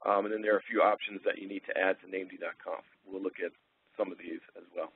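A man presenting a technical webinar, relaxed and full of ums and uhs as he thinks aloud. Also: deep voice, quick pace, creaky, husky, no room sound. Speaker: webinar presenter, sales engineer. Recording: tinny phone-line audio.

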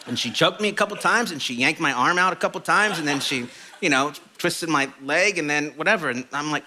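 A middle-aged man preaching a sermon as a pastor, telling stories in an animated, self-deprecating way. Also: a little high, fairly quick, noisy background. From Mexican heritage. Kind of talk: storytelling sermon. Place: church auditorium.

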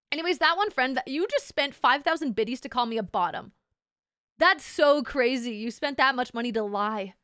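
A young woman livestreaming as a VTuber, chatting with her viewers in an excitable, playful way, swearing and laughing often. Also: high-pitched, no room sound, clean studio sound. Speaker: VTuber streamer. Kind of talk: casual livestream chat.

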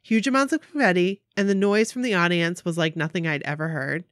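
Gushing, excitable woman podcaster. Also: lowish voice, brisk, dry recording, studio quality. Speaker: podcast co-host reading a fan story. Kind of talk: casual chat and reading aloud.

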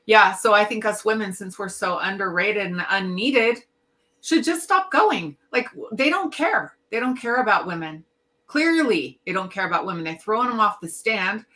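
Bright, indignant middle-aged woman. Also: medium pitch, lively intonation, normal speed. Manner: indignant, emphatic opinions. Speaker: podcast co-host. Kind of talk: casual discussion.

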